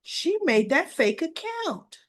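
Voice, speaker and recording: A woman's voice: very high-pitched, big pitch swings, slow pace. A woman recapping a soap opera episode in a casual, chatty way, retelling scenes and adding her own asides.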